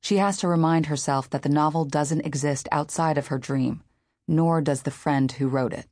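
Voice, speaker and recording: A woman narrating a literary novel as an audiobook reader, in a measured, unhurried way. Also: low voice, fairly even intonation, darkish tone, no room sound, studio quality.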